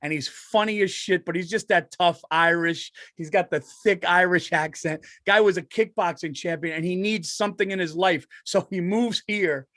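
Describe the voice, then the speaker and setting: A middle-aged comedian chats on a podcast, telling excitable stories full of swearing and laughs. His voice sits high for a man, and it is recorded close and dry with almost no room sound. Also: moderate pace, few pauses, no echo. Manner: excitable, profane storytelling with laughs. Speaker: stand-up comedian and podcast co-host. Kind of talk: casual podcast chat.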